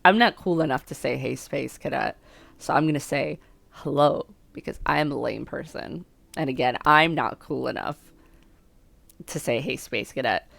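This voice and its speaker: A woman's voice: deep voice, moderate pace, gravelly, a bit bright, dry recording. A young woman streaming a dating sim, reading the game text aloud and chatting about it in a self-mocking way, laughing often. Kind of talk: casual let's-play commentary and reading game text aloud.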